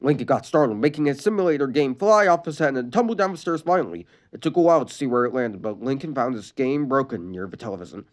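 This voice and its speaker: A storyteller reading a fan-written sad story aloud, expressive and stumbling on a few words. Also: medium pitch, fast, few pauses.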